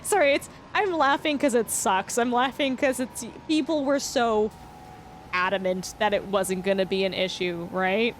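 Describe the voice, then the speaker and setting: A woman's voice: on the high side, steady tone, normal speed, a little hiss or hum. A woman streaming a farming game, chatting casually and reading chat aloud. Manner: chatty, reads chat aloud, laughs often. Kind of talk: casual livestream chat while gaming.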